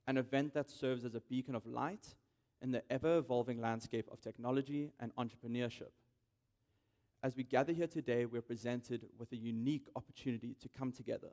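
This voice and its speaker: A man's voice: mid-range voice, a little mellow. A young man giving a prepared welcome speech on a conference stage, hesitant, with frequent ums. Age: young adult. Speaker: event organizer giving welcome.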